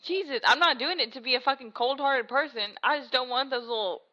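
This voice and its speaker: A woman's voice: sits high, a little fast, pushed and bright. Brief: woman podcast co-host, blunt casual chat, dull lo-fi recording.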